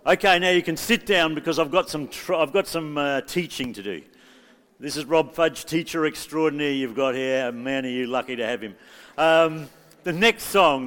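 Guy leading worship at church, slow and jokey, lots of ups and downs in his voice, big echoey hall. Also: medium pitch, expressive, a bit bright. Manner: jokey, chatty instructions to the congregation. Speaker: worship leader. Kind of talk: leading congregational singing at a church service.

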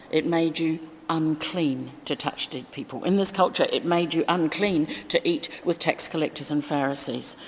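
A woman's voice: deep voice, in a large hall, a little hiss or hum. A woman giving a chatty, informal sermon in a church, with asides and fillers. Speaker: preacher.

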